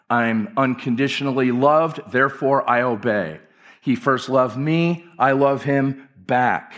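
A man's voice: medium pitch, lively intonation, slow, fairly bright tone. A male pastor delivering an impassioned, emphatic church sermon with repeated phrases. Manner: impassioned, emphatic preaching with repetitions.

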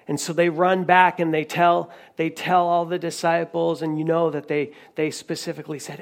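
A pastor preaches in a conversational way, retelling a story with many restarts and recounted dialogue. His voice is a little high and gravelly, delivered flatly at a moderate pace with hardly any pauses.

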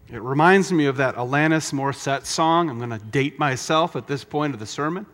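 A middle-aged man preaching a sermon, emphatic, with dramatic pauses and repetition. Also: mid-range voice, animated, fairly bright tone, soft background music. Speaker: pastor.

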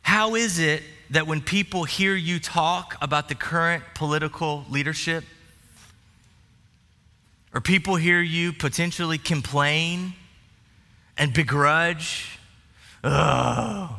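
Bright-voiced man preaching in a reverberant hall. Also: on the high side, unhurried. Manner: conversational preaching with humor and asides. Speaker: pastor. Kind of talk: sermon. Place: church sanctuary.

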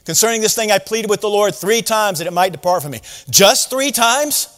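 A male pastor with a high-pitched, fairly bright voice preaches a sermon in a large hall, speaking a little fast. He teaches through a Bible passage conversationally and poses rhetorical questions to his listeners.

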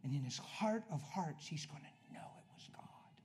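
A man preaching a sermon, telling a story and acting out both sides of a conversation, swinging from hushed talk to loud, emphatic preaching. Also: a little high, expressive, moderate pace, in a whisper.

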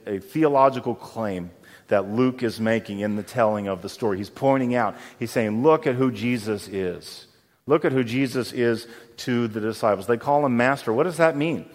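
A man preaching a sermon as pastor, conversational and often asking his congregation questions. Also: fairly high pitch. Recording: long hall reverb.

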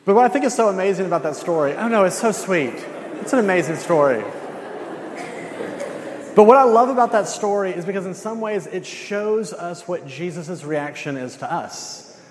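A man's voice: sits high, animated, a little fast, in a large hall, slight background noise. A male campus minister giving a conversational sermon, telling stories with casual slang.

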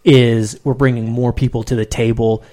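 A man's voice: medium pitch, little pitch movement, dark tone. A man co-hosting a casual sports podcast, talking loosely with lots of "like" and restarts. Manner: fast, casual speech with many fillers and restarts. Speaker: podcast co-host.

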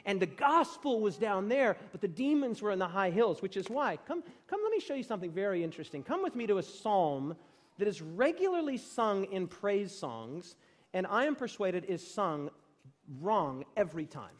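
A man preaching a sermon as pastor, swinging from quiet asides to emphatic, rising declarations. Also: high voice, very animated, moderate pace. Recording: long reverb of a large room.

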